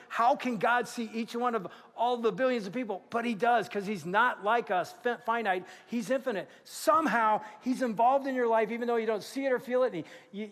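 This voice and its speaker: Preaching a sermon in a large church, a middle-aged pastor speaks in a voice that's high for a man, with long reverb trailing through the hall. He's an animated storyteller who acts out the lines of the people in his stories.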